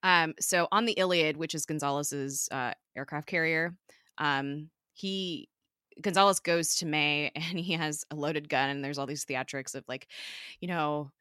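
Woman, low-pitched, crisp bright tone, casual recap, filler-heavy, giggly. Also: fairly even intonation, measured pace, dry recording, studio quality. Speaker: podcast host recapping a TV episode.

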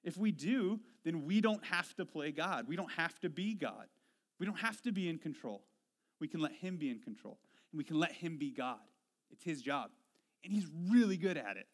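A man preaching a sermon, telling self-deprecating stories that swing from quiet reflection to animated retelling. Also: on the high side, moderate pace. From Washington State. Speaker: pastor.

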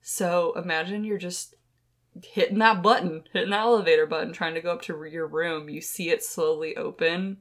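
A woman's voice: on the low side, fairly even intonation, normal speed. A young woman hosting a podcast, telling ghost stories in a rambling, chatty way with lots of fillers, close to the microphone. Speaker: podcast co-host. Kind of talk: casual storytelling chat.

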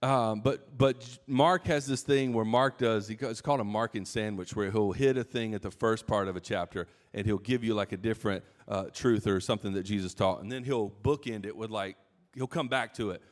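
A man's voice: on the low side, a little fast. Guy preaching a sermon, chatty, lots of asides and restarts. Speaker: pastor.

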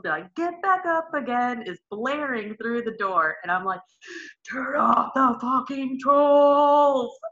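A woman in her thirties tells her story with a bright, forceful voice. She talks casually, swears freely and acts out the moments she screamed. The podcast audio is a little dull and lo-fi. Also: mid-range voice. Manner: animated, acts out her own past shouts and screams; casual, swears and says "like" often. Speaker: podcast guest telling her birth story.

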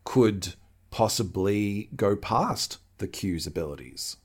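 A man's voice: on the low side, animated, slow pace, husky. A man co-hosting a podcast who recaps and explains things in an easygoing, casual way. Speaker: podcast co-host. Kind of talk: casual chat.

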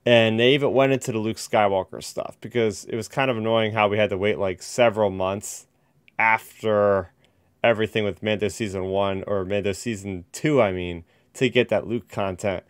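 A man's voice: on the low side, fairly even intonation, normal speed, smooth, dry recording, clean studio sound. A man co-hosting a podcast, chatting casually and enthusiastically. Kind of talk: casual chat.

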